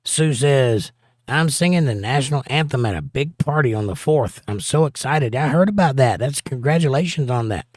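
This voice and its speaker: A man's voice: mid-range voice, lively intonation, moderate pace, a little mellow, no room sound. A male livestream host reading viewer comments aloud and answering them with dry, joking asides in a casual chat.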